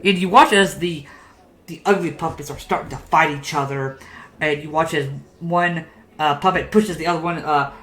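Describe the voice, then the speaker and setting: A woman's voice: low voice, normal speed, a bit bright, low-quality recording. A woman narrating a tabletop game as game master, rambling with many fillers.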